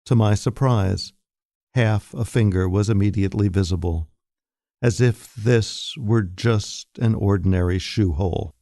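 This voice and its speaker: A man reading a short story aloud in a slow, deliberate, wry manner, recorded at a studio microphone. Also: fairly low pitch, dark tone, no echo. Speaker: reader. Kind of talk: scripted narration of short fiction.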